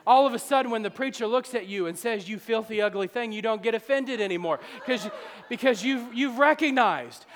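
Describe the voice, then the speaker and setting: Fervent high-voiced male pastor preaching. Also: fairly quick, few pauses, long reverb tail, a little hiss or hum. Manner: fervent, swings from soft confiding to loud shouting. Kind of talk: sermon. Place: church sanctuary with long reverb.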